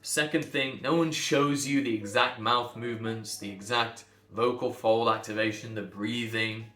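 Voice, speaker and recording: A man's voice: medium pitch, fairly even intonation, normal speed, pushed and bright. A man coaching pronunciation, blunt and emphatic, repeating phrases to drive points home. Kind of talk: direct-to-camera lesson. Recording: echoey room with faint music.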